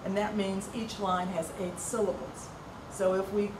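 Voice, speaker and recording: A woman's voice: mid-range voice, flat delivery, unhurried, reverberant, distant mic, noisy background. A woman teaching a music workshop, explaining patiently with some ums and restarts. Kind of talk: informal music lesson.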